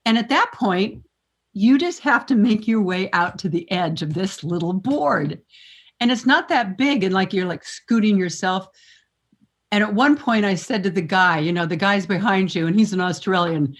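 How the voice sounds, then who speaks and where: A woman in her seventies, a former morning TV host, telling lively anecdotes as a guest and laughing often. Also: mid-range voice, moderate pace. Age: 70s. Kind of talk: storytelling interview chat.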